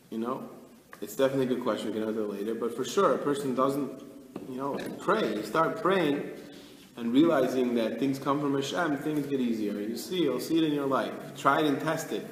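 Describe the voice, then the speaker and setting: A rabbi giving an animated storytelling Torah class, acting out the people in his tale. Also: medium pitch, a little hiss or hum. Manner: animated storyteller, acts out characters. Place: study hall. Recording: echoey hall.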